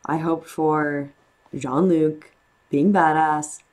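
A young woman hosting a reaction video, gushing excitedly in a casual review full of fillers. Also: sits low, takes it slowly.

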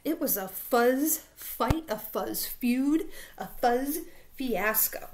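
A woman teacher reading a children's picture book aloud with playful, expressive emphasis. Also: on the high side, takes it slowly.

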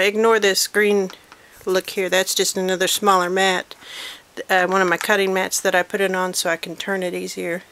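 In a cluttered room at home, a woman with a medium-pitched, a bit bright voice films a handmade miniature on a handheld digital camera. She chats casually, show-and-tell style, with frequent apologetic asides.

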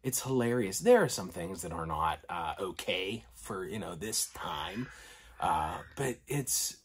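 A middle-aged man talking casually through an unboxing, excitable and often dropping to delighted whispers and gasps. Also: sits low, measured pace, breathy edge. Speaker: collector vlogger.

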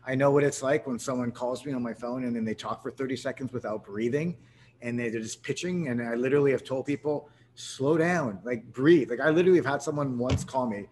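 A man's voice: mid-range voice, a little fast, slight background noise. A man from Canada hosting a live sales webinar, talking energetically with lots of restarts and fillers. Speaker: webinar host.

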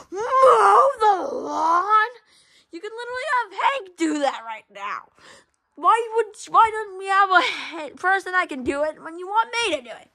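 Brief: whiny lazy gamer boy, played by a woman, high and bright, complains fast. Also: sing-song, exaggerated voice.

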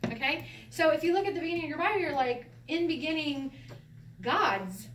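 Talking very fast, a woman with a fairly high voice runs an informal Bible Hebrew lesson in a lively way, laughing a lot and explaining with rhetorical questions. She's recorded at a distance in a reverberant space over a faint hiss.

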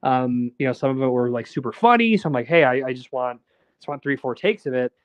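A man's voice: medium pitch, lively intonation, a little fast, dry recording, muffled recording. A man, a documentary filmmaker, chatting casually as a guest and rambling with lots of fillers and restarts. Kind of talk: casual interview chat.

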